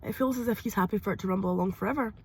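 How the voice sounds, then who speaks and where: A woman talking hesitantly to camera from a parked car, pausing often with ums. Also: mid-range voice, darkish tone, husky. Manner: hesitant, with frequent ums and pauses. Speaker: vlogger. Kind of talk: personal confessional vlog.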